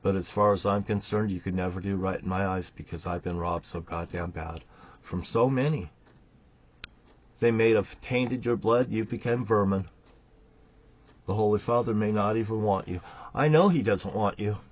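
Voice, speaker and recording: A man delivering an angry, profane, preachy monologue, swinging between loud outbursts and quiet threats. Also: lowish voice, moderate pace. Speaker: online ranter. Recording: dull lo-fi recording.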